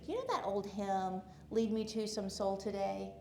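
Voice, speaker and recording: A woman's voice: mid-range voice, measured pace, vocal fry, slight background noise. Chatty Southern woman telling a story. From Alabama, USA. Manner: chatty, animated, asks the audience questions. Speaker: conference speaker. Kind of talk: storytelling talk to a church audience. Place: church hall with a live audience.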